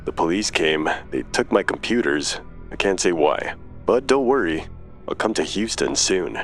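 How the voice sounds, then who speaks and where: A man's voice: deep voice, lively intonation, moderate pace, faint music behind. A man voicing a pushy, creepy stalker posing as a friendly boy. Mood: urgent.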